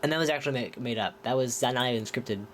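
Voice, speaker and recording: A man reviewing films in a loose, chatty way, often stopping to restart his sentences. His voice sits at an ordinary mid pitch, and he sounds enthusiastic about what he describes. A faint hiss runs under the recording. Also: fast talker. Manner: rambling, with many restarts. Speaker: film reviewer. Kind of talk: casual movie review.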